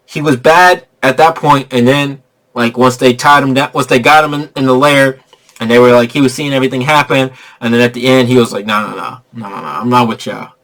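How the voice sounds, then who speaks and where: A man giving a casual spoiler review of a movie. He is excitable and slangy, laughs often, and rambles with many restarts. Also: mid-range voice.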